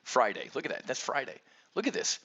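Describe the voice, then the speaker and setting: A man's voice: medium pitch, wildly swooping pitch, brisk, bright, forceful tone, lo-fi sound, slight background noise. A man giving blunt, sarcastic market commentary on options trading, ranting and addressing viewers directly.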